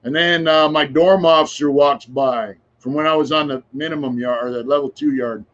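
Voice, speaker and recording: Over a muffled recording, a podcast guest of around sixty speaks at normal speed in a fairly high, fairly bright voice with fairly even intonation. He tells long, casual, rambling stories frankly, leaning on filler phrases and now and then swearing.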